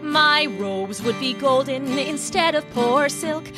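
A woman's voice: sits high, takes it slowly, pitched above the performer's own voice. A woman voicing a greedy, gold-loving male king who sings and muses aloud. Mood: singing wistfully. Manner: sings to guitar, then speaks in musing asides. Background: guitar music.

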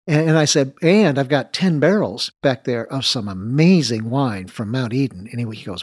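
A man in an interview spins a winemaking story and voices both sides of an old exchange, laughing now and then. His voice sits at an ordinary middle pitch. The sound is dry and close. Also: normal speed, few pauses, slightly rough, no room sound. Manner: anecdotal, animated retelling of dialogue with light laughs. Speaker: winemaker guest.

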